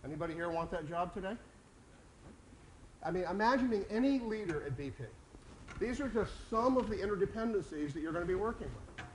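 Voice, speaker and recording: Male speaker, high voice, emphatic, addressing a live audience with rhetorical questions. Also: animated, brisk, pauses often, a little hiss or hum. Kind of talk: conference talk.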